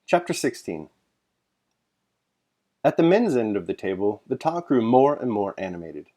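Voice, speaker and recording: A man with a fairly low voice reads a long novel aloud as host of a daily series. His narration is measured and clear, paced for listening. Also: big pitch swings, dark tone. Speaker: host and reader. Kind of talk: audiobook narration.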